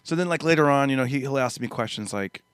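A man's voice: medium pitch, quick pace, smooth, no room sound. A man in his thirties chatting casually, telling rambling family stories and acting out his son's lines. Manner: rambling, animated storyteller who acts out his son. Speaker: podcast guest. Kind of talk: casual chat.

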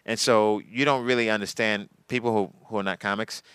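A man's voice: fairly low pitch, steady tone, fairly quick, fairly bright tone, clean tone, no echo. A male comedian, a guest on a podcast, talking about his gigs in a laid-back casual chat and laughing easily.

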